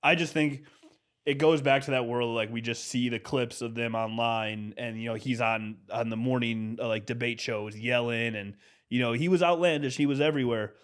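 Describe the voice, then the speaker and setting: A man's voice: medium pitch, steady tone, moderate pace, clean tone. A man co-hosting a sports podcast, talking frankly and conversationally with lots of "bro" and "like". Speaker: podcast co-host. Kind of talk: casual sports chat.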